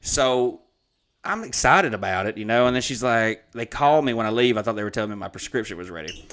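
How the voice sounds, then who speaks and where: Man, thirties, podcast co-host, rambling storyteller, profane, average pitch. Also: expressive, a little fast, a bit bright, slight background noise. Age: 30s. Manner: rambling, profane, laid-back. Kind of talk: casual storytelling chat.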